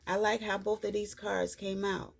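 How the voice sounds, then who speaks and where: A woman giving a spiritual card reading to her viewers, repeating her reassurances in an unhurried, soothing way. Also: mid-range voice, little pitch movement, creaky, husky. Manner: slow, repetitive, reassuring delivery. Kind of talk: tarot-style card reading vlog.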